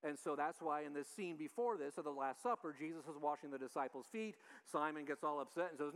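A man's voice: a little high, fast talker, few pauses, a bit bright. A man leading an informal Bible study, talking through the passage in a conversational way with frequent restarts. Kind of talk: informal Bible teaching with slides.

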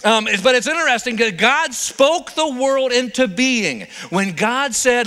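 Bright, high-voiced male preacher in a hall. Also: lively intonation, a little slow, hardly any pauses. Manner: storytelling, playful, conversational. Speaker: pastor. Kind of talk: sermon.

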